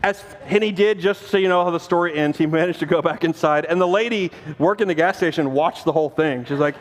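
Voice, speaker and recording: A pastor with a high, light voice delivers a sermon in a church whose long reverb trails each phrase. He is in his forties and tells a family story with lively acted-out dialogue, laughing at himself along the way. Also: fast, a little hiss or hum. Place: church sanctuary.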